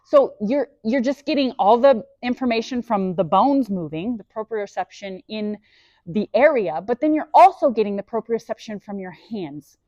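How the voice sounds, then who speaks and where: A woman's voice: a little high, expressive, moderate pace, a little mellow, no echo, dull audio. A woman leading a guided breathing lesson, enthusiastic and encouraging, mixing body facts with faith, speaking into a clip-on mic. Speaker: breathwork instructor. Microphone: clip-on microphone.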